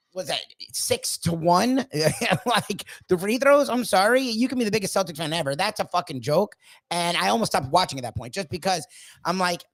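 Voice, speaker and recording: A man's voice: high voice, fairly bright tone, no room sound. A man co-hosting a sports talk show, ranting emphatically and swearing often. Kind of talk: casual sports talk with a co-host.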